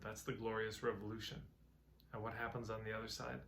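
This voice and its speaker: A man's voice: on the low side, flat delivery, a little fast, gravelly, fairly bright tone, slight background noise. A man giving a reflective, conversational talk on marketing and change, musing aloud and telling parables. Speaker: marketing teacher.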